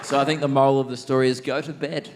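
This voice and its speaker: A young Australian man doing a stand-up comedy set in a large theatre, quick-witted and cheeky, laughing mid-line. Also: mid-range voice, level tone, a loud crowd, heavy background noise. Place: large theatre stage, live audience.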